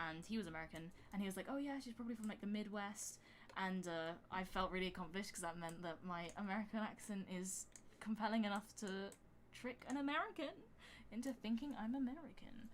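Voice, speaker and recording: This woman has a lowish voice, heard with slight background noise and music playing behind her. She's on a live stream making music and chatting casually, rambling with plenty of fillers as she reads out the chat.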